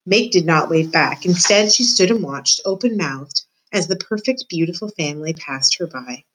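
A woman's voice: on the low side, expressive, normal speed, slight background noise, poor audio. Woman reading a storybook aloud. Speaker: reader.

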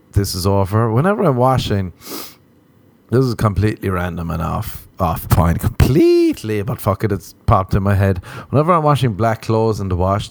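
A young Irish man hosting a podcast, rambling through a comic, self-mocking monologue and sliding into high mock voices. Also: dry recording. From Ireland. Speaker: podcast host. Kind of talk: casual comedic monologue.

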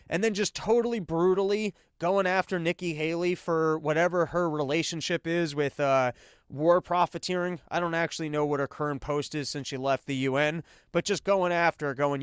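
A man's voice: on the high side, normal speed, clean tone, no echo, clean studio sound. Sarcastic man hosting a political podcast. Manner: irreverent, sarcastic, rambling. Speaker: podcast host. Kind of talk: casual political commentary.

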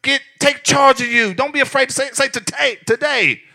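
A man preaching a sermon as pastor, lively and repetitive, with laughs and shouted emphasis. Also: extremely high pitch, moderate pace.

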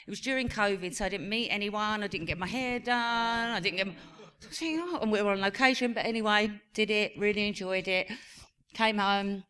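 A woman in her forties with an English accent telling a lively family story on stage, acting out the voices of her sons. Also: mid-range voice, brisk. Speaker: actress on a reunion panel. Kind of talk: live stage Q&A anecdote. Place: cinema venue on stage.

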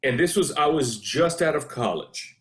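A man in his forties with a slightly high voice tells stories with lots of energy and frequent laughter. He hosts a loose chat over a video call, and his voice carries a roomy echo. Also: normal speed. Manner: animated storyteller, laughs often. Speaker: podcast host. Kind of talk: casual chat.

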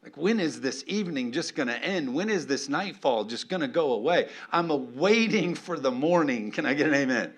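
A man preaching a sermon as a pastor, animated and playful, often calling out for an amen from the congregation. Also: on the high side, moderate pace, hardly any pauses. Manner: animated, playful, calls for amens.

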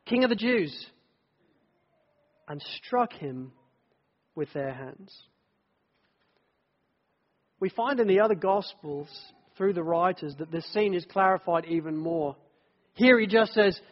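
A man preaching a sermon in a church, telling the story vividly and earnestly. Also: sits high. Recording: dull echoey church hall.

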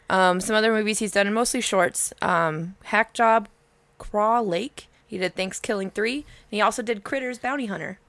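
A woman's voice: medium pitch, creaky, a bit bright, dry recording. A woman co-hosting a podcast in crude, joking casual chat, laughing often. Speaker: podcast co-host.

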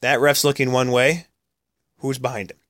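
Bright-voiced man in hockey banter. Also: medium pitch, moderate pace, dry recording, studio quality. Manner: animated, jokey, argues and cuts in. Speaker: podcast co-host. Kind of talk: casual hockey chat.

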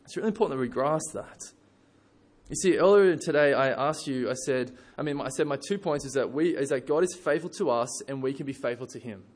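A man preaching a sermon in a relaxed, conversational way with casual asides. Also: medium pitch, a little fast.

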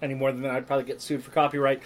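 A man's voice: mid-range voice, little pitch movement, racing. A man hosting a podcast, chatting casually and joking, often laughing. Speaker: podcast host. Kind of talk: casual chat. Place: apartment room.

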